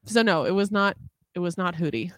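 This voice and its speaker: Deadpan teasing woman on a podcast. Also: lowish voice, brisk, no echo. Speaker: podcast guest. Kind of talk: casual comedy chat. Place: home studio.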